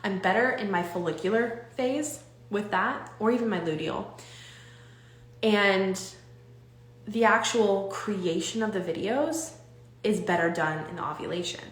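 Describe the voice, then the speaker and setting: A young woman coaching her audience on a live stream, talking in an animated, rambling way with many restarts. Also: mid-range voice, unhurried, roomy sound.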